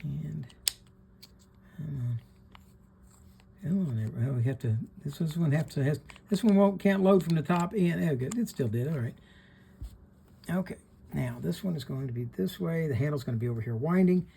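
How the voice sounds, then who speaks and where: A man's voice: fairly high pitch, expressive, moderate pace, gravelly, pauses often, dark tone, a little hiss or hum. A middle-aged man hosting a hands-on repair tutorial, plain-spoken, talking through each step while he works. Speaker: fishing reel repairer hosting a channel.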